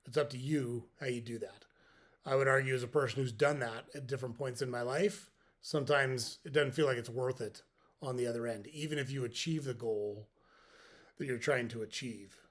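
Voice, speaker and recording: A podcast host in middle age speaks in a steady, slightly bright mid-range voice at a moderate pace. Folksy and reflective, he explains his motivational points in steps and illustrates them with jokes.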